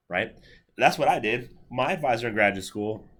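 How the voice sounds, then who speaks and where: A man's voice: mid-range voice, lively intonation, fast, fairly bright tone. A man in his thirties giving a university lecture in a lecture hall, talking casually with many fillers and restarts. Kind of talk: classroom lecture.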